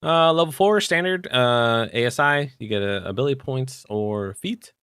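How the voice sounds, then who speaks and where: A man co-hosting a podcast, chatting casually about tabletop game rules with relaxed fillers. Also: mid-range voice, normal speed, clean tone, dry recording. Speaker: podcast co-host.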